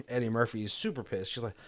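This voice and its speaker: A man's voice: mid-range voice, a little fast, a bit bright. A man co-hosting a podcast, casually retelling a movie's scenes with frequent laughter and quoted lines. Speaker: podcast co-host. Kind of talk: casual movie commentary chat.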